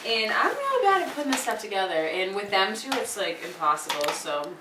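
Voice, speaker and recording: A woman's voice: mid-range voice, sing-song, a little fast. An older woman chatting casually with family at home, a little self-deprecating as she talks. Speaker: grandmother visiting. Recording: roomy, distant, noisy home video.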